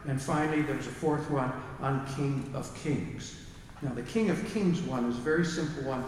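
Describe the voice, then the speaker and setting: A man's voice: medium pitch, moderate pace, darkish tone, a little hiss or hum. A man giving an informal music lecture, hesitating with fillers and singing short phrases to show the rhythms. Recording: echoey hall from far off.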